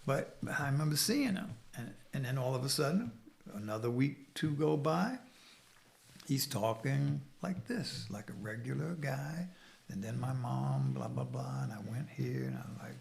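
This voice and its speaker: Gravelly streetwise man in his sixties. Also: mid-range voice, animated, normal speed. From New York City. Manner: streetwise, blunt, profane storytelling. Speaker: guest. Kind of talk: recovery story interview.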